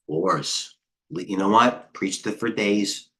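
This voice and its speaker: Middle-aged male trading coach, low-pitched, loose and excitable, riffs on charts to his viewers. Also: slow. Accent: New York. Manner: rambling, excitable, chatty with viewers. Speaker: trading coach hosting a livestream. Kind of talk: casual live market commentary.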